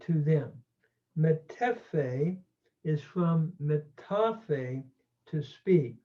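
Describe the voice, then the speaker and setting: Slow, deliberate man teaching grammar. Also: a little high. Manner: slow, deliberate, with many fillers and pauses. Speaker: Greek teacher. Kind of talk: grammar lecture. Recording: tinny phone-like audio.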